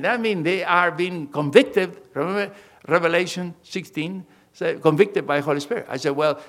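Gravelly storytelling preacher man. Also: high-pitched, fairly bright tone. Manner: storytelling preacher, acts out conversations, emphatic. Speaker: pastor. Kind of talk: sermon.

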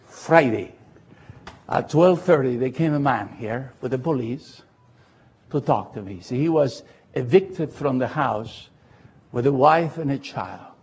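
A man's voice: medium pitch, lively intonation, measured pace, darkish tone, husky. A man pastor with an accent preaching a fervent sermon and prayer in an auditorium. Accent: non-native English accent. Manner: fervent preaching with surging emphasis. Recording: muffled lo-fi radio broadcast.

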